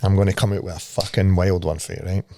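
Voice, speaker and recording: A man's voice: sits low, little pitch movement, fast, creaky, warm tone, no echo. A Scottish man co-hosting a podcast in casual chat, swearing freely and laughing at his own stories. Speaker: podcast co-host.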